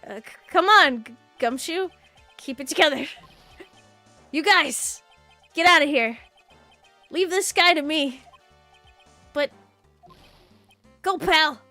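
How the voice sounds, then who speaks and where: A woman voicing a loud, brash and loyal male police detective from a video game. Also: high-pitched, lively intonation, slow pace, pauses often, no room sound, faint music behind, voice pushed up, exaggerated voice.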